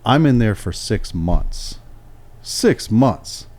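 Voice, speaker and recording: Middle-aged man, low-ish voice, swearing, lively storyteller who voices the people in his anecdote. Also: takes it slowly. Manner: profane, animated, acts out quoted dialogue. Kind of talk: casual storytelling on a podcast.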